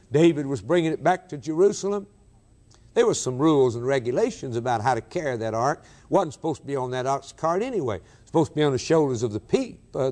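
Man preaching with dramatic swings. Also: medium pitch. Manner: dramatic preaching with sudden swings from loud to hushed. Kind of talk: sermon.

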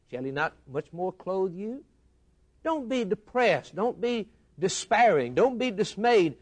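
A male preacher delivering a sermon in a rhythmic cadence of repeated lines, swinging from loud declarations to hushed ones. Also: a little high.

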